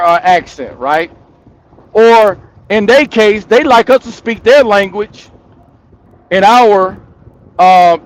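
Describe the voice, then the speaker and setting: The host of his own channel, a man whose voice is high, chats his opinions to viewers in a casual way. He takes his time, says things more than once to hammer them home, and laughs between ideas.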